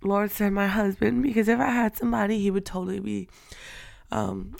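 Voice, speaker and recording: A young woman hosting a faith-based talk show, speaking off the cuff in a candid, chatty way, laughing often and moving between quiet and loud. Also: mid-range voice, fairly even intonation, normal speed, gravelly, no room sound, studio quality. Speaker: faith-based podcast host. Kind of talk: unscripted casual girl talk. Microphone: audio only, not on camera.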